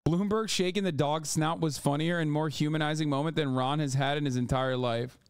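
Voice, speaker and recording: Guy streamer ranting at clips, kinda high voice, mocking and annoyed, super dry close mic. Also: fairly even intonation, a little fast, clean tone, dry recording. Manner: exasperated, mocking, profane rants. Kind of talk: casual live-stream commentary.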